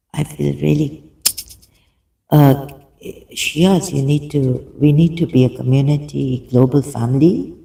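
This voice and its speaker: Man, gravelly, very slow, hesitant reading with commentary, many fillers. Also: medium pitch, warm tone, low-quality recording. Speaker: video commentator. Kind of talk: halting reading aloud with commentary.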